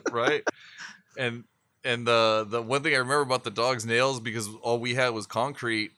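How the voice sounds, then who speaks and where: A man's voice: medium pitch, fairly even intonation, normal speed, pushed and bright, no room sound. A man chatting casually, a laid-back storyteller who swears constantly and laughs often. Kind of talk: casual chat.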